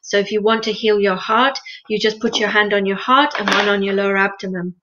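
A woman's voice: medium pitch, steady tone, a little fast. Earnest woman teaching meditation, lo-fi sound. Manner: earnest, gently instructive, repeats phrases for emphasis. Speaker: interview guest, meditation teacher. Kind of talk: conversational interview. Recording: lo-fi muffled sound.

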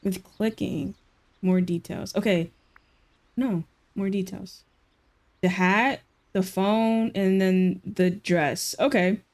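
A woman live streamer chatting casually and excitedly with her viewers while she plays, using lots of slang. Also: mid-range voice, slow.

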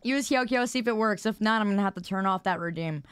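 A woman streamer, slightly hoarse, chatting casually and teasing her viewers, often stammering and repeating words. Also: medium pitch, quick pace, no echo. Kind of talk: casual live-stream chat. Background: background music.

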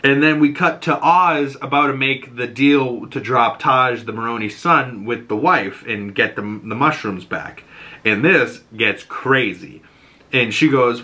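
A man's voice: mid-range voice, measured pace, pushed and bright. A man with a Boston accent hosting a podcast, recapping a TV episode in rambling casual talk and acting out the characters' quotes. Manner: rambling, acts out quotes in shifting voices. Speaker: podcast host.

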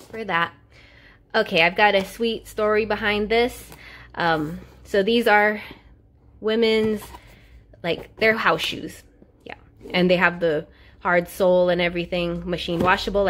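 A young woman talks through her shopping haul in a relaxed, chatty way. She keeps things upbeat and scatters fillers through her sentences, like a vlogger talking to her regular viewers. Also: mid-range voice. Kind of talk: casual haul video chat.

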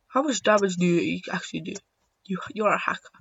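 A young man giving excitable, joking commentary while playing a video game, swearing now and then. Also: sits high, a little fast, creaky, breathy edge, no echo. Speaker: gaming YouTuber. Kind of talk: casual gameplay commentary. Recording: dull lo-fi dry sound.

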